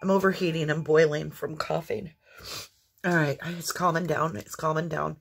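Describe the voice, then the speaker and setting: A woman's voice: low voice, fairly even intonation, normal speed, gravelly, husky. A woman giving an intuitive tarot reading to viewers, earnest and exclamatory, with fits of coughing. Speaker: tarot reader.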